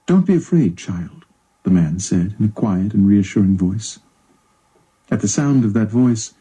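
A man narrating a story in a measured, even storytelling delivery. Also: fairly low pitch, husky, rough recording. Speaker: audiobook narrator.

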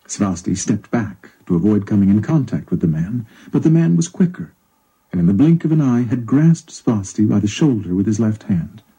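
A man narrating a story in a measured, even storytelling delivery. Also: on the low side, slightly rough, low-quality recording. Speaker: audiobook narrator.

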